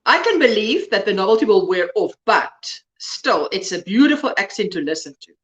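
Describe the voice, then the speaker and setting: A woman's voice: medium pitch, very animated, normal speed, roomy sound. Chatty woman hosting a craft livestream. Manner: chatty, reads viewer comments aloud. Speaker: livestream host. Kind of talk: casual chat while crocheting.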